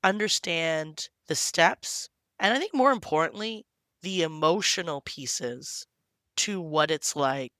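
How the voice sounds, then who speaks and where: A woman podcast co-host with a cold, talking in a deep husky voice in casual chat. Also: a bit bright, no room sound, clean studio sound. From Canada. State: hoarse from a cold. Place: temporary room at home with fans running.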